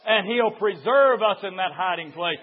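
An older man preaching a sermon in a church. He is impassioned and swings from hushed talk to loud shouting. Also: high voice, lively intonation, moderate pace. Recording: lo-fi recording.

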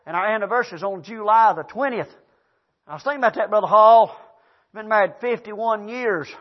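An older Southern American pastor with a high, reedy voice delivers a folksy storytelling sermon. He shifts between loud calls and hushed asides. The recording is dull and lo-fi. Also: a little fast. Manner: folksy, animated, swings between loud preaching and quiet storytelling.

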